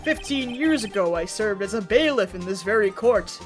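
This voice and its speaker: A woman's voice: medium pitch, moderate pace, over music, natural voice. A woman doing a bitter old ex-bailiff. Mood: grim. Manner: grim, flat confession. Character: bitter older male ex-bailiff confessing revenge.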